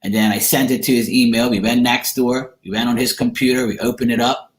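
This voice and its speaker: A man's voice: medium pitch, level tone, a little fast. A man chatting casually to camera, rambling and blunt, with casual swearing. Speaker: tarot reader. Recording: echoey room.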